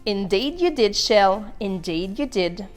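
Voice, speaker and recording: A woman voicing a calm, matter-of-fact egg in a storytime read-aloud. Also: medium pitch, takes it slowly, soft background music, voice pushed down. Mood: dry. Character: calm, unflappable egg with a galaxy paint job.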